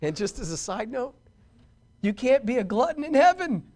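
A man preaching a sermon, animated and emphatic, with touches of humor and repeated words for stress. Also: very high voice, moderate pace.

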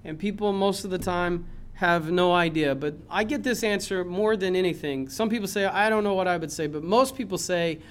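A man preaching a sermon in a church, impassioned, swinging from loud emphasis to low earnest tones. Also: moderate pace, clear, resonant tone. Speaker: pastor.

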